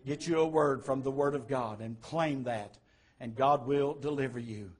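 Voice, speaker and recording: A man preaching a sermon, swelling to emphatic, louder passages and dropping to quiet asides. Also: medium pitch, moderate pace.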